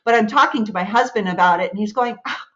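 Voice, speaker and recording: A middle-aged American woman, a speech pathologist guest, telling stories in an animated, chatty way. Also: medium pitch, fast, highs cut off. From United States. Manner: animated storyteller. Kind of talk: casual interview chat.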